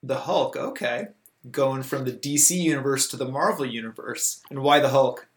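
Male podcast host, medium pitch, steady and encouraging with his guest. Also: normal speed. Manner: affirming, wraps up with scripted thanks. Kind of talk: interview conversation.

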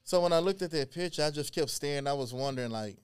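Man from Louisiana, guest historian, resonant clear voice, earnest animated storytelling. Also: fairly high pitch, fast. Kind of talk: casual interview storytelling.

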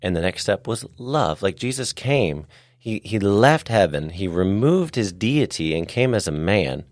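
A man's voice: on the low side, measured pace, no echo, clean studio sound. A man co-hosting a casual faith podcast, telling stories earnestly and with emphasis. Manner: earnest, animated storytelling with repeated emphasis. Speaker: podcast co-host, gym owner.

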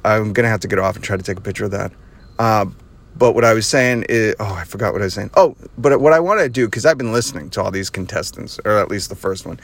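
A man's voice: lowish voice, very animated, quick pace, a bit bright. A man hosting his own podcast, telling a casual story with a lot of sarcasm and frequent laughter, recorded while driving. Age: adult with children. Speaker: podcast host. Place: driving in a car.

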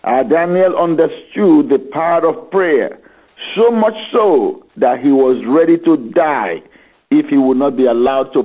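A man's slightly high voice comes through a thin, phone-like line as he leads a congregation in prayer. He speaks slowly and fervently, repeating pleas for forgiveness again and again. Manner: fervent, repetitive call-and-response exhortation. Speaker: prayer leader. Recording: tinny phone-line audio.

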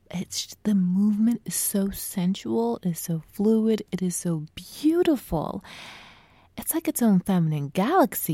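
Young woman, casual coaching talk; soft, near-whispered, mellow and low. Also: dry recording.

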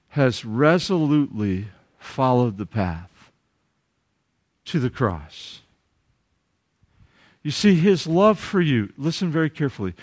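A man with a Southern US accent preaching a sermon as pastor, swinging from loud emphatic rises to quiet asides. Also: medium pitch.

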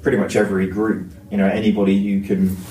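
A man's voice: sits low, flat delivery, fast, dark tone. A man co-hosting a casual podcast panel, talking hesitantly, repeating words and using many fillers. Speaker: podcast co-host. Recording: roomy, distant mic with faint noise.

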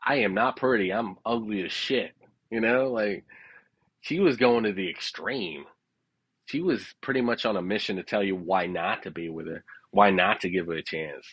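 A man's voice: low-pitched, moderate pace, fairly bright tone, husky, no echo. A man telling a rambling personal story in a casual, profane way. He keeps checking in with his listeners and laughs at his own tale. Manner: rambling, profane, frequent "you know what I'm saying".

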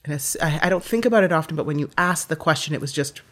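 A woman's voice: deep voice, animated, fast, a bit bright. A woman guest telling a personal story in a heartfelt, vivid way, often restarting her phrases.

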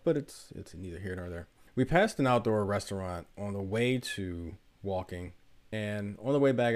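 A man's voice: on the low side, darkish tone. A man hosting a podcast, telling a story in a casual monologue full of rhetorical questions. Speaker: podcast host.

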